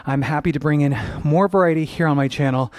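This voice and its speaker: A man's voice: on the high side, quick pace, dry recording, studio quality. Upbeat male dance teacher counting steps. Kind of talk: dance class instruction with counts.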